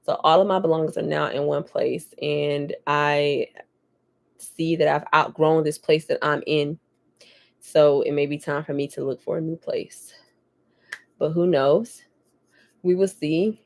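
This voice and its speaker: A woman vlogging at home, telling stories in a candid, profane, lively way. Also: low-pitched, unhurried, vocal fry. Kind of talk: casual chat to camera.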